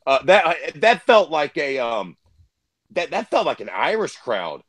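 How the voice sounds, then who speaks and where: A man co-hosting a casual fight-talk show, excitable and emphatic, swearing freely. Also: a little high, unhurried, a loud crowd. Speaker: podcast co-host.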